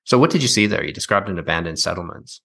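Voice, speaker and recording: A man's voice: low voice, lively intonation, racing, gravelly, a bit bright. A man hosting a podcast, interviewing a guest in a casual way, with fillers like "sort of". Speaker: podcast host.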